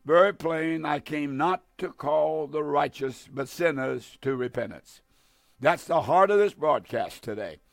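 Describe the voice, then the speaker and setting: A man preaching a fiery broadcast sermon, hammering phrases over and over and stumbling through fillers. His voice sits a touch high and carries a gravelly fry. The sound is close and dry. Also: animated, unhurried, no room sound. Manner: fervent, repetitive exhortation with many fillers.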